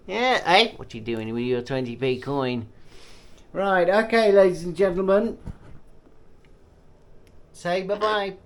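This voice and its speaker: A man's voice: sits high, animated, takes it slowly, long pauses. Sing-song man cooing at his bird. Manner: playful sing-song baby talk, coos and cheers at the bird. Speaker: pet owner and channel host. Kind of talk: casual vlog talk to his pet cockatoo.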